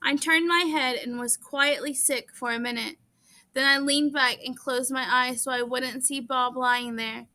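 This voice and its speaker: Woman reading a novel out loud, high bright voice, earnest, trips on a word sometimes. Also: fairly even intonation, measured pace. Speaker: audiobook reader. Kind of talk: reading a novel aloud in first person.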